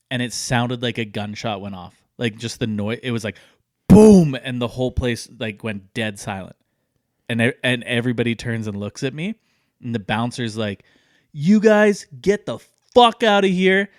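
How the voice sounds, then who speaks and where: A man's voice: mid-range voice, moderate pace, no room sound. Man, thirties, casual podcast storyteller, rambling with lots of fillers, dry close sound. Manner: rambling, many fillers, animated when telling stories. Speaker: podcast co-host.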